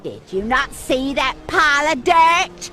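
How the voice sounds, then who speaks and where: A woman's voice: high-pitched, expressive, measured pace, sharp tone, faint music behind, exaggerated voice. An actress playing a scolding townswoman in a video game, with an exaggerated manner.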